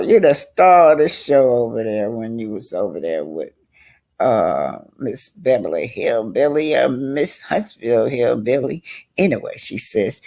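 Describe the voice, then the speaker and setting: A woman's voice: a bass voice, sing-song, slow pace, gravelly, darkish tone. An older woman giving chatty, emphatic commentary on a reality show, drawing out her words. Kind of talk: casual commentary.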